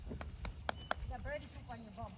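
A woman's voice: a little high, a little fast, darkish tone, a little hiss or hum. A woman outdoors at a barn, teasing her horses with playful baby-talk. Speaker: horse owner.

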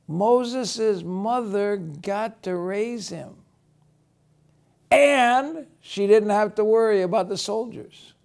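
A man teaching a children's church Bible lesson, gently reassuring as he tells the story and prays. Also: very high-pitched.

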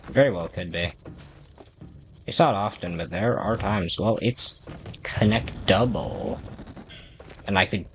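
A man with a deep voice talks slowly, with long pauses, while playing a video game for his channel, rambling, mocking himself, and speaking to characters on screen. Music plays behind him, along with a little hiss or hum.

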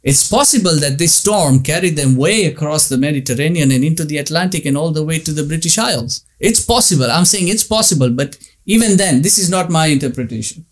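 A man's voice: on the high side, expressive, a little fast, hardly any pauses. A man giving a religious lecture, emphatic, repeating points and asking rhetorical questions.

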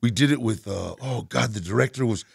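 A man's voice: medium pitch, fairly quick, gravelly, breathy edge, dry recording, clean studio sound. A man being interviewed as a guest, telling stories casually, rambling with many restarts and frequent laughs. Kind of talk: casual storytelling.

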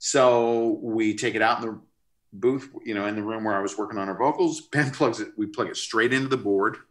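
A middle-aged man, a record producer, telling an animated story in a casual interview. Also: lowish voice, a little fast. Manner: animated, expressive, pushes to sudden bursts. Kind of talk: storytelling anecdote in casual conversation.

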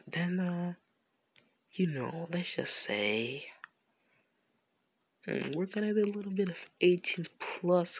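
A man's voice: a little high, gravelly, slight background noise. A young man casually improvising a fan fiction story, rambling and slangy, correcting himself as he goes.

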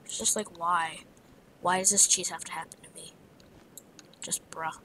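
A woman's voice: lowish voice, fairly even intonation, moderate pace, long pauses, noisy background. A woman narrating her own gameplay, muttering to herself in a half-whisper with frustrated outbursts. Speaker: gamer. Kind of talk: let's play commentary.

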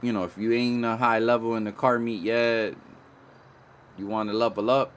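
A man's voice: medium pitch, level tone, moderate pace, slight background noise. A man doing casual live-stream commentary on a video game, playful and slangy, often repeating himself and apologizing. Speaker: gaming streamer.

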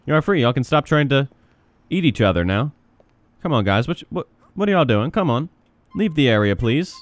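A man doing playful role-play gaming commentary on a headset mic, excitable and profane, bursting into shouts. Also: mid-range voice, moderate pace, no room sound. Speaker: gameplay commentator.

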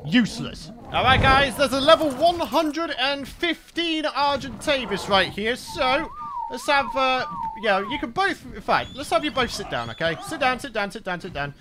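A let's play host giving gameplay commentary, excitable and given to loud outbursts of frustration and triumph. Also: mid-range voice, background noise.

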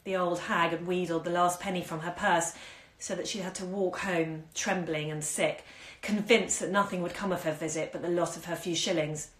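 A woman's voice: fairly low pitch, steady tone, normal speed, few pauses, a bit bright. A woman reading a short story aloud at home, giving the dialogue small acted turns. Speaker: bookshop owner reading aloud. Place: indoors at home during lockdown. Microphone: phone on a live stream. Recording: echoey room on a phone stream.

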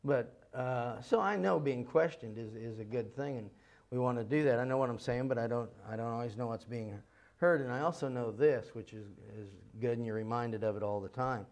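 A man's voice: mid-range voice, fairly quick, darkish tone. A man teaching a ministry seminar in an earnest, emphatic way, repeating key phrases and firing off runs of rhetorical questions.

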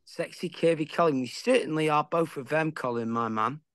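A man's voice: a little high, normal speed, a bit bright, smooth, no echo, clean studio sound. A man chatting enthusiastically as a radio guest, joking along. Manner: enthusiastic, jokey banter. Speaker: interview guest. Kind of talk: casual chat.

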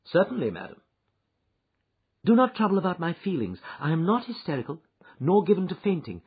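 A man reading an audiobook, voicing an anxious, eager Victorian wife who presses with insistent questions, his voice raised high. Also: huge pitch swings, brisk, breathy edge, exaggerated voice. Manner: pleading and insistent. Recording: dull lo-fi recording.

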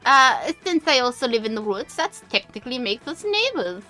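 A theatrical old witch who eats children, speaking in an exaggerated Italian accent, as a woman puts her on. The voice rides high and swoops with bright, sharp edges, sing-song and mocking. Faint music hums behind. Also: sing-song, moderate pace. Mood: teasing. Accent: put-on Italian.

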